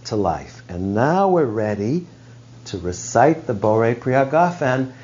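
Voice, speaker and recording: A man leads a study group, talking slowly and reflectively and pausing to find his words. The recording is dull and lo-fi. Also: mid-range voice, sing-song, a little mellow, breathy edge. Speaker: teacher leading a study group. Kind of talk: explanatory group teaching.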